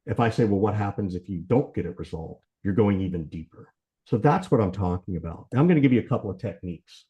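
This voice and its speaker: A middle-aged man from Georgia giving a sales training talk, talking fast and conversationally, often tagging lines with "right?" and "you know" while acting out sales dialogue. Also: on the low side, warm tone. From Southern US, Georgia. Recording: slightly dull sound.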